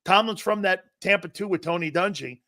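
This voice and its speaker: A man's voice: high-pitched, brisk, pushed and bright. A man hosting a sports talk show, asking pointed questions and citing stats. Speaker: show host.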